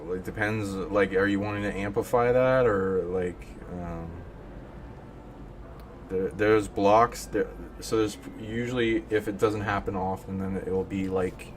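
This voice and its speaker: A man's voice: fairly low pitch, steady tone, a little slow, a little hiss or hum. A man chatting casually on a live stream in a rambling way, with lots of hesitations. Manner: rambling, many fillers and restarts. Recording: music playing behind the voice.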